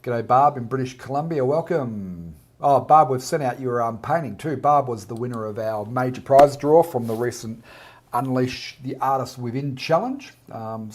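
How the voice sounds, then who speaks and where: Australian man greeting livestream viewers. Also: mid-range voice. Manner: warm, relaxed, reads out viewer comments and greets each by name. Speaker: art teacher hosting a live Q&A.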